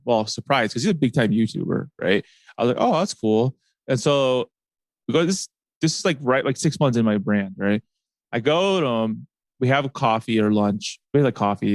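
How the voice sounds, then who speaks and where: A man's voice: mid-range voice, dry recording. A man hosting a podcast, telling a long personal story in a casual, rambling way, packed with fillers and asides. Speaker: podcast host.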